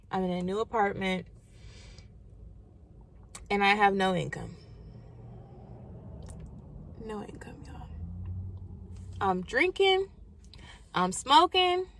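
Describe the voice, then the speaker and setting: A woman's voice: medium pitch, a bit bright, rough recording. A young woman, telling her personal faith story in casual, emphatic talk and calling her viewers y'all. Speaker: vlogger and book recommender. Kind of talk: casual faith testimony to camera.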